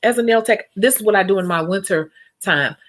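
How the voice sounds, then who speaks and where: A young woman who works as a nail technician chats casually with her vlog viewers, animated and laughing often. Her mid-range voice is a bit bright and fairly quick.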